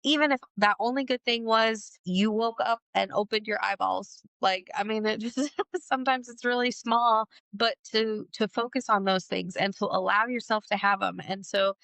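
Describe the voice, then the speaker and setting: Brief: woman co-host, mid-pitched, earnest and reflective, dry close recording. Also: moderate pace, gravelly, few pauses, a bit bright, no room sound. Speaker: podcast co-host. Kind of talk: casual chat.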